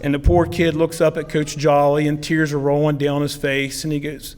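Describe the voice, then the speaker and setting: Middle-aged coach, heartfelt hall speech. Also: male voice, a little high, flat delivery, normal speed, hardly any pauses, a little mellow. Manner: rambling, heartfelt storytelling with many fillers. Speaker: football coach, hall of fame inductee. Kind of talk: acceptance speech. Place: ceremony hall. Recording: long hall reverb.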